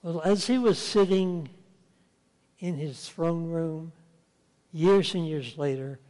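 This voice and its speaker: Brief: storytelling preacher, slow and fairly high-voiced, reverberant hall. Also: male voice, a little mellow. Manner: folksy storytelling, acts out the characters. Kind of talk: sermon.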